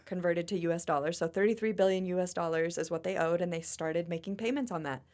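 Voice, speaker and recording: A woman hosting a podcast in a chatty, expressive, casual way. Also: fairly low pitch, fast talker. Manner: chatty and expressive, often laughing. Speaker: podcast host. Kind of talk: casual chat.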